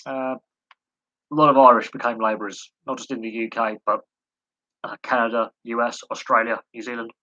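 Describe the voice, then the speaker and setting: Guy on a live stream just rambling, bright crisp voice, dry close sound. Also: mid-range voice, flat delivery, moderate pace, no echo, lo-fi sound. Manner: rambling, wanders off on tangents; self-mocking, chuckles at himself. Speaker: live stream host answering chat. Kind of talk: casual live Q&A chat.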